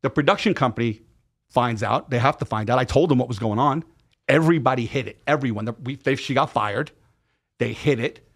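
A man with a gravelly, creaky voice at a middle pitch, telling a story as a podcast guest. He speaks casually and swears freely, acting out the lines of everyone in the story. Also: brisk. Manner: profane, animated, acts out quoted dialogue.

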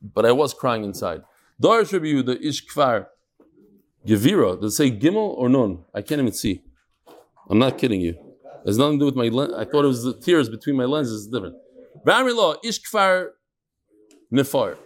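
A man's voice: mid-range voice, sing-song, fairly quick, long pauses. A man teaching a live Talmud class, chatty, joking with the room and mixing Hebrew and Yiddish terms into his English. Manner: chatty, jokes and asides to the room.

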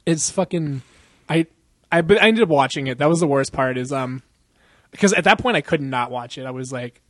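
A man's voice: fairly high pitch, lively intonation, brisk, fairly bright tone, no room sound. A young man co-hosting a podcast in casual chat, rambling and profane, laughing often and acting out quotes. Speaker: podcast co-host.

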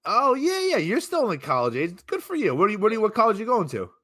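Jokey swearing podcast host guy, bright edgy voice, dry close mic. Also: high voice, wildly swooping pitch, fast talker, no room sound. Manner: rambling, jokey, profane. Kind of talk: casual podcast interview.

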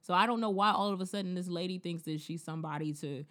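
A woman in casual chat, recapping a TV episode in a blunt, profane, animated way. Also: fairly low pitch, fast talker.

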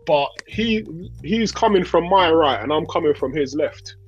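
A man's voice: fairly high pitch, moderate pace, husky, no room sound, lo-fi sound. A man chatting casually, telling a story at length and dropping "bro" and "innit". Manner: relaxed, rambling storyteller, frequent "bro" and "innit". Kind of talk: casual chat.

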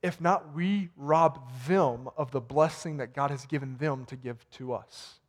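A man with a fairly high voice preaches to his church in a loose, conversational way. He retells a story, repeats words as he searches for them, and moves into a prayer. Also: a little slow. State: sweating. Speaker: pastor. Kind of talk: sermon with closing prayer. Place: warm church sanctuary.

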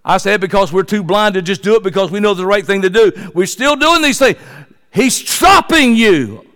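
A man preaching a sermon in a folksy, joking way, swinging into loud, excited preaching. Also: high-pitched, quick pace, smooth. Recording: long hall reverb.

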